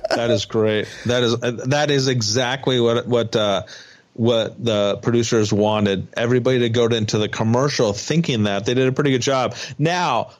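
A man co-hosting a casual podcast chat, retelling a reality show in an animated way and acting out the quotes. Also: medium pitch, moderate pace. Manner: animated storytelling, acts out quotes. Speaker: podcast co-host.

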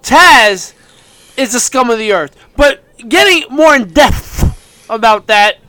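A man with a high, bright voice rants heatedly on a casual podcast and breaks into shouts now and then. The sound is dry and close, with little room around him. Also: expressive, slow pace, no echo. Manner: heated ranting, bursts of shouting. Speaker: podcast co-host.

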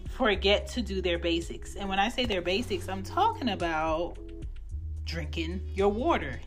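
A woman's voice: lowish voice, a bit bright. A woman in her thirties hosting a podcast, giving life advice in a casual, blunt and profane way. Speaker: podcast host.

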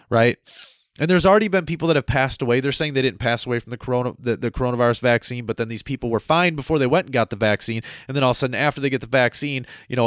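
An agitated man from the United States rants straight to the listener, circling back with "right?" after his points. He repeats words as he pushes forward, and his mid-pitched voice sits in a dry, close-sounding space. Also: no room sound. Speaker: commentator. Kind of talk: ranting monologue.

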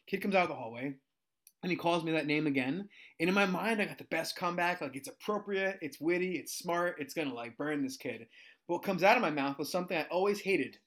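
A man in his thirties tells funny stories in casual chat, with a slightly high voice. He talks with energy and keeps acting out the voices of the people he quotes, his pitch leaping up at the punchlines. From United States. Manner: animated, acts out quoted voices, jumps in pitch. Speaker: guest storyteller.

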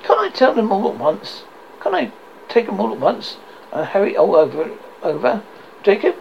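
A man's voice: high-pitched, big pitch swings, normal speed, creaky, highs cut off, slight background noise, voice pushed up, full character voice. A man voicing a frightened old miser who pleads and falters. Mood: pleading.

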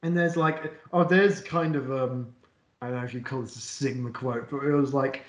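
A man's voice: medium pitch, steady tone, normal speed, echoey room. A man co-hosting a film review podcast, hesitant and full of ums as he reads funny lines from his notes. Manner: hesitant, many ums, laughs at own notes. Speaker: podcast co-host. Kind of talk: casual film review chat.

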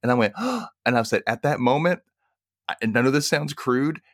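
A man co-hosting a casual podcast chat, animated and laughing often as he acts out quotes. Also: mid-range voice, normal speed, no echo, studio quality. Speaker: podcast co-host.

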